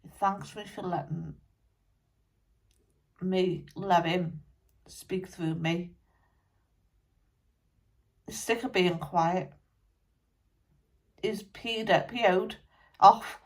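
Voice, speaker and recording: A woman psychic medium speaking quietly and plainly after a channelling session. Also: on the low side, steady tone, drawn-out words, pauses often, recorded from a distance. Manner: soft, quiet, matter-of-fact.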